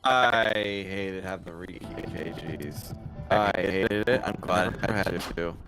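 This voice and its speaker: Man with a low voice, casual livestream chat. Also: measured pace. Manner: profane, joking, talks over his co-host. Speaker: stream co-host. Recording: music playing behind the voice.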